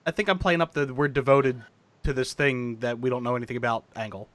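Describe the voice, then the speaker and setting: A man's voice: medium pitch, fairly even intonation, fast, fairly bright tone, no room sound. Male player, mid voice, casual, dry close mic. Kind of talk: casual tabletop play.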